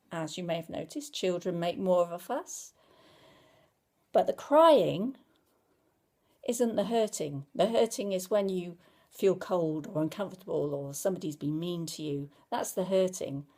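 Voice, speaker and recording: A woman calmly explaining to parents why babies cry, in a gentle, reassuring, conversational way. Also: on the low side. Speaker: parenting educator. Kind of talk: informal talk to camera.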